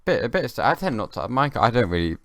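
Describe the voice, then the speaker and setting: A young man hosting his own comedy podcast, rambling in a halting, dry way with many restarts. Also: mid-range voice, sing-song, a bit bright, no room sound. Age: young adult. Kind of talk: rambling comic monologue.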